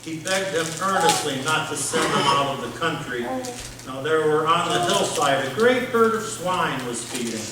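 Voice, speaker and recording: A man preaching a sermon as pastor, telling the story in an animated way, with playful sound effects and questions to the congregation. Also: a little high, normal speed. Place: church sanctuary. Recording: very echoey church room from a distance with noise.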